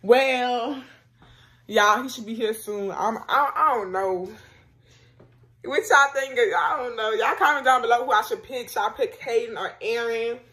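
Young woman vlog host; animated, slangy, teasing delivery straight to camera. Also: a little high, measured pace. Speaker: vlogger host. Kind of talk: casual chat to camera.

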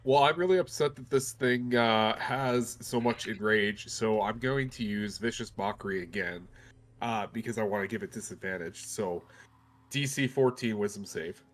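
A man's voice: fairly low pitch, normal speed, fairly bright tone. A man playing a tabletop game, hesitant and full of fillers. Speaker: player. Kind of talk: casual tabletop game chat.

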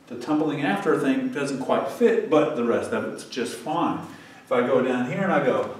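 A man's voice: mid-range voice, expressive, moderate pace, a little hiss or hum. A man teaching a recorded music lesson to children, counting beats aloud and chanting rhymes in rhythm. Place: classroom. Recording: echoey room.

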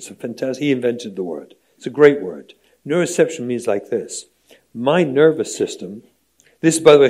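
A man's voice: mid-range voice, mellow, slightly rough. A middle-aged man, a rabbi, giving a training lecture in an emphatic, rhetorical way, often checking in with "right?". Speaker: rabbi lecturing on parenting and education.

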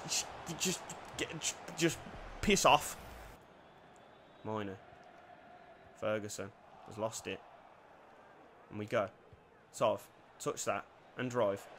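A young man giving lively commentary over a football video game, dropping to quiet play-by-play and bursting into shouted cheers. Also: mid-range voice, slight background noise. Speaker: gaming YouTuber.

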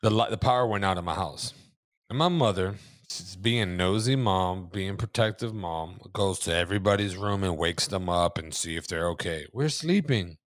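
A man co-hosting a podcast, telling a story in a casual, animated way and swearing freely. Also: low-pitched, normal speed, dry recording, clean studio sound. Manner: animated, swearing, shouts when acting out scenes. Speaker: podcast co-host.

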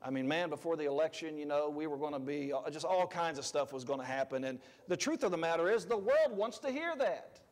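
A man preaching a sermon as pastor, conversational, swinging between loud emphatic lines and quiet asides. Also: fairly high pitch, a little fast, hardly any pauses, big-room sound. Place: church sanctuary.

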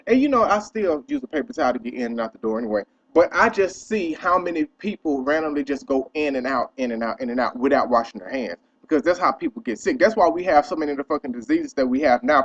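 A young man tells a story straight to camera in a loose, profane, animated rant. His voice sits a little high for a man. The audio is dull and lo-fi. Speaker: vlogger. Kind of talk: casual ranting vlog.

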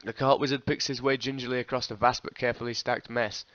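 A man's voice: medium pitch, fairly even intonation, quick pace, a bit bright, no room sound. Man reading a text game, laughing asides. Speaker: host. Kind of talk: reading an interactive fiction game aloud. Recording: dull lo-fi recording.

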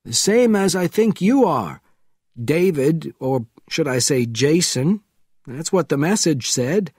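A man's voice: fairly high pitch, very animated, takes it slowly, a little mellow, slightly rough, dry recording, studio quality, voice pushed up, full character voice. A man doing a startled middle-aged psychiatrist. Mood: tense. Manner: shocked, questioning.

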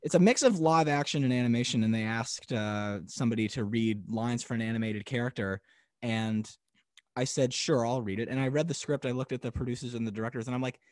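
A man's voice: mid-range voice, a little fast, darkish tone, no room sound. A young man hosting a podcast, chatting casually and hesitantly with many ums and restarts. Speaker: podcast host. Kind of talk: casual chat.

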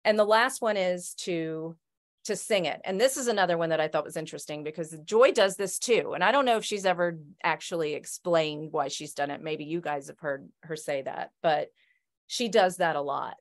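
A woman's voice: sits low, normal speed. A woman sharing self-help tips with a group in a thoughtful, casual way, often restarting her sentences. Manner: thoughtful, many restarts and "right?". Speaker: circle member sharing tips. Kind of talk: reflective casual talk.

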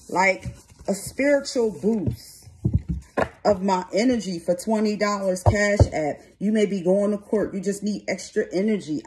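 A woman's voice: mid-range voice, noisy background. Blunt, streetwise woman tarot reader. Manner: blunt, streetwise, swears freely. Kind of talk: tarot reading and card commentary.

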